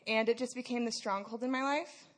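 A young woman speaking in a slightly higher register, sharing her testimony at a youth service. Her talk is candid and conversational, full of casual "like"s as she moves from her story to scripture. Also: brisk. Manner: candid and conversational, often says "like". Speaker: student leader giving a message.

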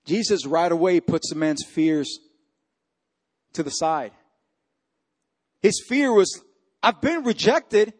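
A man preaching a sermon as pastor, swinging from loud, rising peaks to hushed, quiet lines. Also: a little high, expressive, slow, long pauses.

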